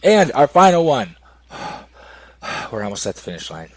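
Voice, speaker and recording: A man's voice: mid-range voice, sing-song, unhurried, no room sound, low-quality recording. A man hosting a podcast, reading sponsor plugs in a loose, laughing way and swearing casually. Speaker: podcast host.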